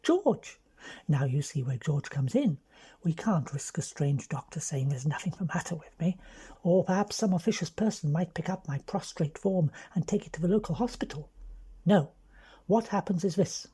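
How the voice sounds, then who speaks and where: A woman with an English accent voicing a bold young aristocratic woman who lays out a scheme in a brisk, bossy way. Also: low-pitched, expressive, mellow, slightly rough, exaggerated voice. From London.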